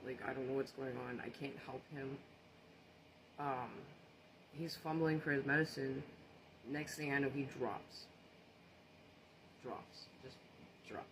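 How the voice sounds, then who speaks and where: A man's voice: mid-range voice, noisy background. A man casually telling a story, rambling with many fillers and restarts.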